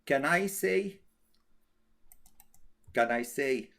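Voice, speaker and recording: A man teaching a grammar class, speaking slowly and repeating himself, often checking with "okay?". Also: mid-range voice, animated, vocal fry, a bit bright. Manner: slow, repetitive, checks with "okay?".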